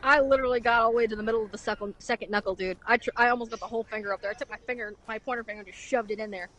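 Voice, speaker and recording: A woman's voice: fairly high pitch, fairly even intonation, rapid-fire, fairly bright tone. A woman streaming and chatting, telling blunt, crude stories about her old job. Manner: blunt, crude, laughing at her own story. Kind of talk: casual storytelling chat.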